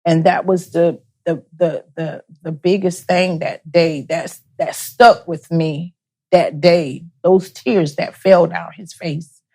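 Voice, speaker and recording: A woman speaking as an interview guest, giving personal testimony as a bereaved mother, soft-spoken and halting, often repeating her words. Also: lowish voice, steady tone.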